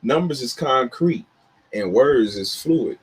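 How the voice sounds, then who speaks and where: A man co-hosting a casual talk show, hammering his points with heavy stress on single words. His voice is husky and a little rough. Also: medium pitch, lively intonation, slow. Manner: emphatic, lectures with stressed words. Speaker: podcast co-host. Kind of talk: casual chat.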